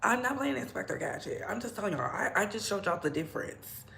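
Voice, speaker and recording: A woman's voice: medium pitch, expressive, fast, vocal fry, a bit bright, echoey room, a little hiss or hum. A young adult woman hosting casual celebrity gossip commentary, repeating herself and dropping into whispers. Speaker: gossip show host.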